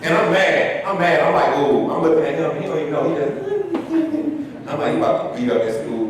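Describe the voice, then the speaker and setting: A man's voice: on the high side, very fast, background noise. A man speaking at a conference, telling a funny personal story in a loose, colloquial way and acting out the people in it. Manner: animated, colloquial, acts out other people's voices. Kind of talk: humorous personal storytelling to an audience. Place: conference hall with live audience. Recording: echoey hall, distant mic, audience.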